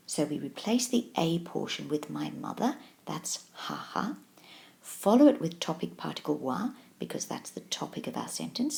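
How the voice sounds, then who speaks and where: Woman, tutorial teacher, a touch low and gravelly, patient and encouraging. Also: very animated, darkish tone. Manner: patient, encouraging, slow and clear explanations. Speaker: Japanese language teacher. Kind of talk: scripted video tutorial lesson.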